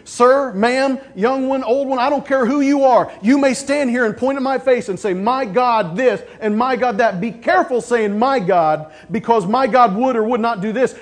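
A male pastor preaching a sermon, with casual stories and sudden loud, emphatic outbursts. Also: extremely high pitch.

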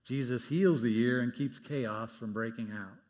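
A man delivers a sermon, reading scripture and voicing its speakers with lively emphasis between dry, wry asides. His voice sits at an ordinary middle pitch. The sound carries a long reverb from the church sanctuary around him. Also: a little slow. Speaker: pastor.

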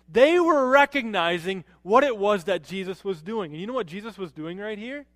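High-voiced man preaching in a hall. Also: normal speed, hardly any pauses, studio quality. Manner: animated preaching, rises to emphatic peaks and drops low for quotes. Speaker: pastor. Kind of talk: sermon.

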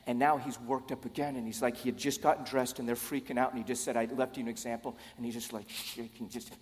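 A man's voice: mid-range voice, flat delivery, quick pace, slight background noise. A man preaching a sermon in a casual, conversational way, with joking asides to the congregation. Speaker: pastor. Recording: long hall reverb.

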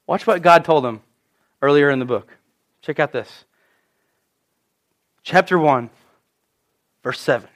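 A man preaching an animated sermon, acting out the voices of the people he quotes. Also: a little high, slow pace, long pauses. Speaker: pastor.

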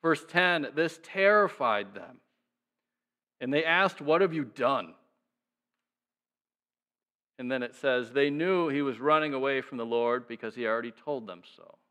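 A man preaching a sermon, reading scripture and acting out its characters with lively shifts in voice, then dropping soft and low to reflect. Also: unhurried, long pauses. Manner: animated, acts out the voices of the sailors and Jonah. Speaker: pastor. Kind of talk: sermon teaching.

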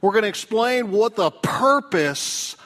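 High-voiced preacher with a lively delivery. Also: male voice, measured pace. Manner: storytelling with big pitch swings, dropping low and soft for emphasis. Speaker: pastor. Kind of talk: sermon. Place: church.

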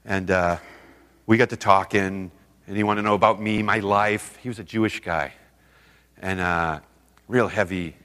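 A man telling a story to a seminar audience in a lively, animated way, acting out the people he quotes. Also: low voice, moderate pace, long pauses. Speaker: seminar speaker. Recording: long hall reverb.

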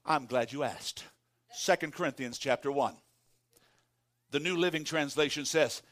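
A man preaching a sermon as pastor, calling on the congregation to repeat lines after him and swinging from hushed tones to shouts. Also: a little high, lively intonation, normal speed, long pauses. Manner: calls for congregation responses.

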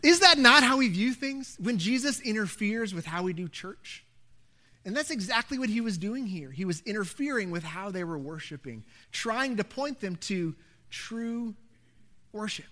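A middle-aged man preaching a sermon, telling a personal story in an animated way, going from loud to hushed. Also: sits high, moderate pace. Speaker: pastor.

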